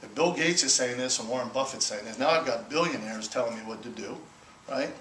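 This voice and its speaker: A man's voice: medium pitch, fairly quick, echoey room, slight background noise, poor audio. A man telling his business story to an audience, acting out conversations and asking "right?" often. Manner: animated storyteller acting out dialogue, frequent "right?". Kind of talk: motivational talk to an audience.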